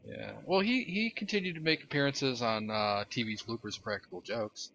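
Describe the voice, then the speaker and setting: A man's voice: medium pitch, expressive, fairly quick, gravelly, fairly bright tone, a little hiss or hum. A man co-hosting a podcast, chatting casually with dry, sarcastic asides. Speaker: podcast co-host. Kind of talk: casual chat. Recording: dull lo-fi audio.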